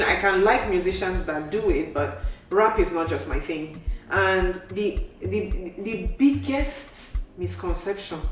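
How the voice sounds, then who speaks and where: African-accented woman vlogging, blunt and teasing, lower voice, big echo, mic kinda far. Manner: frank, emphatic, teasing. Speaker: host. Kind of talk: casual monologue to camera.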